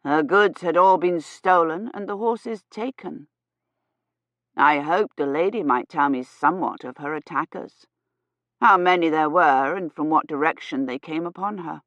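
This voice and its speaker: A woman voicing a slow-spoken young knight. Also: low voice, a bit bright, no echo. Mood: deliberate. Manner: speaks slowly, stressing every word. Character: earnest young knight, slow and over-distinct. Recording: slightly dull, dry audio.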